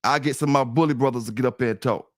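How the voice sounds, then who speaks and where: Racing along in a mid-range voice, a middle-aged man hosts a livestream, chatting casually, rambling, and repeating himself while addressing his listeners. The recording is clean studio sound without echo.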